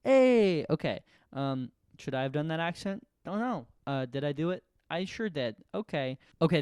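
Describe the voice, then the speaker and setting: A man rambles through a stand-up idea, wondering aloud if it is funny and laughing at his own lines. His voice is smooth and clean, recorded close and dry with no room sound. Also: mid-range voice, no room sound. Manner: rambling musing, self-questioning, laughs at own jokes. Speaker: comedian. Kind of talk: comic monologue to camera.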